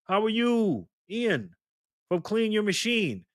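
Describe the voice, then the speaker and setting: A man's voice: sits high, very animated, slow, no echo. A man hosting a casual live stream, greeting viewers by name and reading their chat messages aloud in an upbeat, loose way. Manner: loose delivery with fillers and laughs.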